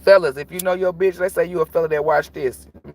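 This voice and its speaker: A man's voice: on the high side, steady tone, quick pace, darkish tone, slight background noise. Blunt, profane man preaching on a livestream. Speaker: tarot reader. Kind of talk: casual livestream talk.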